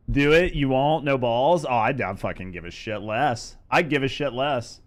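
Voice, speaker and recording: A man's voice: mid-range voice, normal speed, few pauses, soft background music. A young adult man streaming a game, bantering loosely with chat, swearing and joking. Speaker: streamer and gaming host. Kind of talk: casual live-stream chat.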